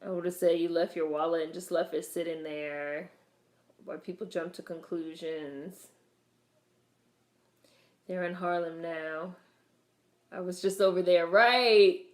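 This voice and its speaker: Speaking at a measured pace with long pauses, a young woman vlogger comments casually on a film in a low, steady voice. She makes wry asides and talks back at the screen, and the recording has a roomy echo.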